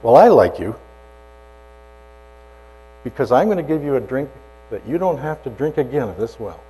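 A preacher giving voice to a calm, knowing teacher. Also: male voice, mid-range voice, moderate pace, breathy edge, voice pushed down, low-quality recording. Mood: gentle, knowing. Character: calm knowing male teacher speaking gently.

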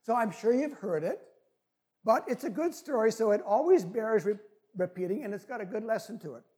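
A man preaching a sermon in an earnest, deliberate way. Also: high-pitched, animated, mellow.

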